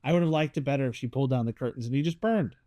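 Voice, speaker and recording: A man chatting casually as a podcast co-host, animated, acting out characters' lines as he talks. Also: medium pitch, very fast, dry recording. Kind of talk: casual chat reviewing a series.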